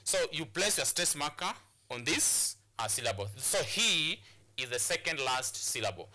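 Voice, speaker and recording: A man's voice: medium pitch, bright, forceful tone. A man from Kenya teaching an English lesson, explaining step by step and often repeating and restarting words. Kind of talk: classroom lesson on a television channel.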